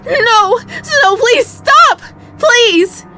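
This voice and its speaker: A woman's voice: high-pitched, very animated, a little fast, soft background music, voice pushed up. Woman playing a sobbing, screaming young noble lady. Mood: panicked sobbing. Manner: panicked, crying screams.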